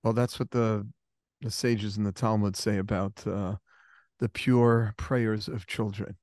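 A man's voice: on the low side, steady tone, a little slow, a little mellow, dry recording. Earnest man hosting a podcast, dry sound. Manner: appreciative, earnest responses. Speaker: rabbi and podcast host. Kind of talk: interview conversation.

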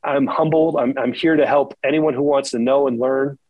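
A man's voice: mid-range voice, steady tone, moderate pace, no room sound, narrow, tinny audio. A man who works as a shoe salesperson, speaking in an earnest, heartfelt way and repeating words when he is moved. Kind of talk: emotional conversational interview.

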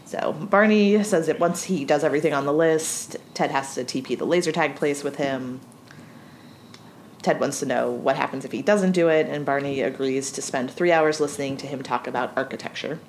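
A woman's voice: sits low, moderate pace, a little hiss or hum. A woman co-hosting a casual recap chat, easygoing and giggly. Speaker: podcast co-host.

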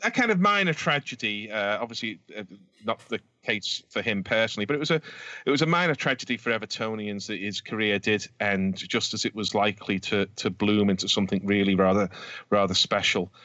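A man's voice: lowish voice, brisk, sharp tone, no echo, highs cut off. A man talking casually about old football matches, with many fillers and restarts as he searches for words. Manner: rambling, hesitant, many fillers. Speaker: podcast co-host, Everton fan.

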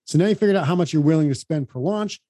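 A man co-hosting a podcast, giving upbeat, brisk advice in casual explanatory talk. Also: a little high, mellow, dry recording. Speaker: podcast co-host.

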